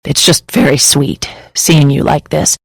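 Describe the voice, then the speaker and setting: A woman's voice: measured pace, gravelly, slightly rough, dry recording, heavily acted, low-quality recording. A woman voicing a tender young man. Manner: soft, tender, low-key. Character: fond, gentle young man, quietly teasing.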